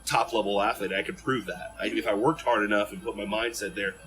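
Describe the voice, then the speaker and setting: A man from Ohio telling stories as a podcast guest in an animated, rambling way full of fillers and restarts. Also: lowish voice, fairly quick, slight background noise, poor audio. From Ohio, USA. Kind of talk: casual storytelling in an interview.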